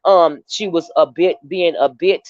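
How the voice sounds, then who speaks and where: A woman's voice: fairly low pitch, unhurried, dry recording. A woman hosting a casual livestream, telling a long rambling story straight to her viewers. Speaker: livestream host. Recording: dull, dry lo-fi stream audio.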